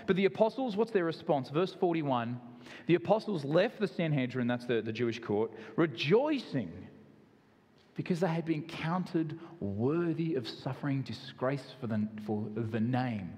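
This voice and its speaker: A man's voice: fairly high pitch, sing-song, measured pace, a little mellow, big-room sound. A man with an Australian accent, preaching a sermon in an earnest, conversational way with self-deprecating asides. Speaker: pastor.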